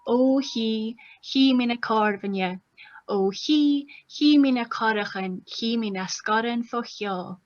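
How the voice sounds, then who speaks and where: A woman reading a song aloud as a guest, in a slow, lilting recital. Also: fairly high pitch. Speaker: guest reader. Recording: distant, dull lo-fi sound.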